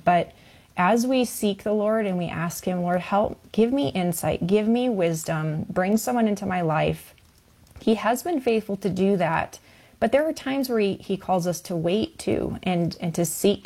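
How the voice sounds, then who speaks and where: Woman co-host, lower voice, gentle and reflective. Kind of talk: encouraging radio talk.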